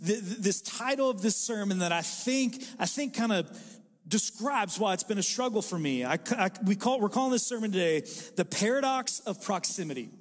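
A man's voice: sits high, brisk, in a large hall. A pastor in his forties preaching a sermon to a live congregation in a conversational, joking way. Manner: conversational and joking, with animated impressions. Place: church hall with a live congregation.

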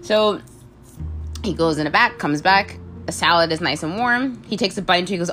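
A woman's voice: lowish voice, normal speed, faint music behind. A young woman casually telling a funny dating story, acting out the voices in the quotes. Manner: animated, acts out voices in quotes, frequent laughs.

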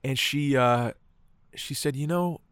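A man's voice: medium pitch, takes it slowly, fairly bright tone, smooth, dry recording. A man telling a moving personal story in casual conversation, swearing often and filling his talk with "like" and "right". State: choked up.

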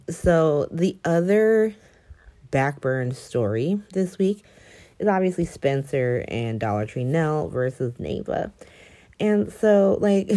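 Gossipy woman with a gravelly voice. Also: a bass voice. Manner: gossipy, animated, quotes characters in mock voices, laughs often. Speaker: soap opera recap host. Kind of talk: casual chat recap.

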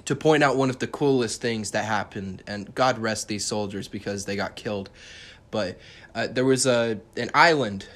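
A man's voice: fairly low pitch, normal speed, fairly bright tone. A young man hosting a casual solo podcast, rambling and swearing freely, with many fillers and restarts and flashes of sarcasm. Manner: sarcastic at times. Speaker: podcast host.

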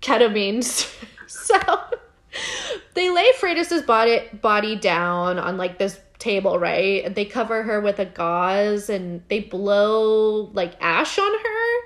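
A woman hosting a casual podcast, recapping a TV episode in an animated, giggly way, with a filler-heavy delivery. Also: mid-range voice, takes it slowly. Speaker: podcast host.

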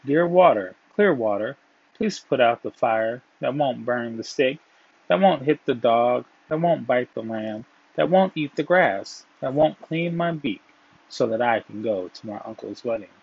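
A man's voice: medium pitch, lively intonation, a little slow, vocal fry, husky, no echo, full character voice. A man voicing an anxious little rooster who pleads and repeats his requests. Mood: pleading. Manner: pleading, repetitive. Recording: dull, dry, lo-fi.

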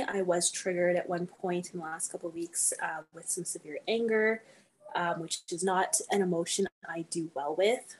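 A woman's voice: lowish voice, a little mellow. A woman co-hosting a podcast, chatting in an easygoing way with lots of ums and uhs. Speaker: podcast co-host. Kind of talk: casual chat.

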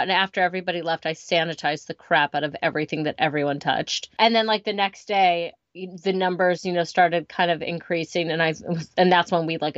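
A woman's voice: on the low side, dry recording, highs cut off. A woman in her thirties telling stories in casual chat as a podcast co-host, acting out what people said. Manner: chatty, storytelling with quoted asides.

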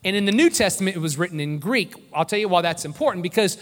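A man's voice: high-pitched, lively intonation, fast talker, fairly bright tone, big-room sound. A man preaching a sermon as pastor, earnest and conversational, often restarting his phrases.

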